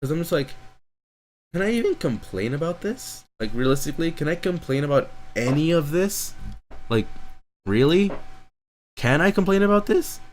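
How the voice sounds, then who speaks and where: A man's voice: a little high, very animated, normal speed, long pauses, a little hiss or hum. A teenage boy delivering a frustrated, rambling venting monologue, swearing constantly as he talks himself in circles. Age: teens. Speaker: streamer.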